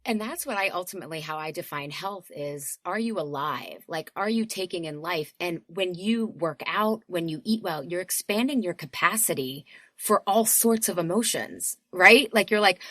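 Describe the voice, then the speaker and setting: A woman in her thirties, a guest on a podcast, talking in a lively casual way, laughing often and acting out little quotes. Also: mid-range voice, normal speed, no echo, clean studio sound. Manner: animated, laughs often, acts out voices in quotes. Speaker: podcast guest, health coach. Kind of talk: casual chat.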